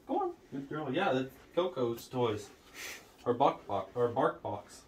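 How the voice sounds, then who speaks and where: A man's voice: mid-range voice, sing-song, measured pace, slight background noise. A man filming a casual home video, explaining his new dog and coaxing the dogs along. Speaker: vlogger.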